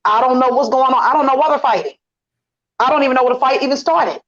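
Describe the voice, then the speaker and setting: A middle-aged woman speaks as a guest on an informal online commentary chat, her voice set high. She talks emphatically and circles back to the same points, venting with indignation. The audio is dull and lo-fi, with little top end. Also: fast, fairly bright tone.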